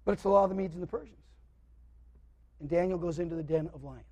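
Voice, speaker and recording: A man preaching a sermon, animatedly retelling a scripture story and acting out the characters, swinging between loud and quiet. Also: on the high side, quick pace, muffled recording.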